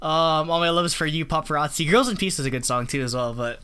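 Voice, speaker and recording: Bright, higher-voiced chatty man. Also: fast, clean tone. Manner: gushing, chatty, heavy on filler words. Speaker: podcast co-host. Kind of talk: casual chat.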